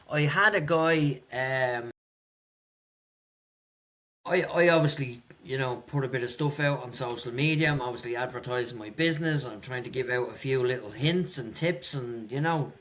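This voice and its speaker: A man's voice: medium pitch, a bit bright. A man hosting a podcast interview, reflective and conversational as he asks open questions. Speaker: podcast host.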